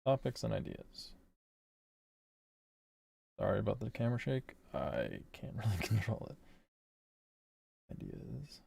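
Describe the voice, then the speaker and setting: A man's voice: lowish voice, very animated, unhurried, vocal fry, long pauses, darkish tone, slightly rough, no echo, studio quality. A man streaming casually while he works, thinking aloud in a rambling way that corrects itself, swearing and laughing often.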